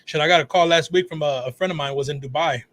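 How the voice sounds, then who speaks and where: A man, a phone repair shop owner guesting on a talk show, telling animated stories full of swearing and acted-out quotes. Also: fairly high pitch, quick pace. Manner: animated storyteller, swears freely, acts out quotes. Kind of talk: casual talk show chat.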